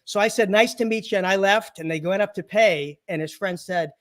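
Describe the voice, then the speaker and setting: A man's voice: sits high, brisk. A man, a chiropractor and part-time comedian, telling punchy funny patient stories as an interview guest, acting out their voices and laughing often. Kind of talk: storytelling interview.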